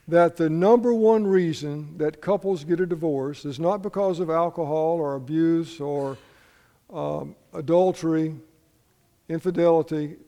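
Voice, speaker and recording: High-voiced pastor preaching in a reverberant hall. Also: male voice, warm tone. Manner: folksy storytelling, asks the congregation questions. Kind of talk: sermon. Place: church sanctuary.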